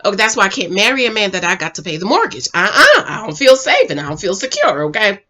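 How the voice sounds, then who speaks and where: A woman's voice: medium pitch, big pitch swings, quick pace, bright, forceful tone. A woman reviewing a dating show in an emphatic, chatty way, calling her viewers girl and ladies. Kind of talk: animated casual commentary. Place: home.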